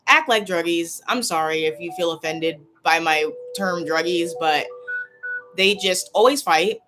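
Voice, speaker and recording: A woman's voice: mid-range voice, a bit bright. A woman vlogger talking casually and tearfully to a livestream, upset and rambling, often repeating herself.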